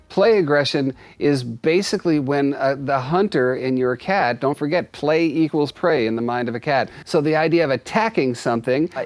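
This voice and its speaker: A man speaking casually to camera as a cat behavior expert, animated and explanatory, sometimes jumping up high to act out voices. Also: dry recording. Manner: animated, acts out cats' voices in high pitch.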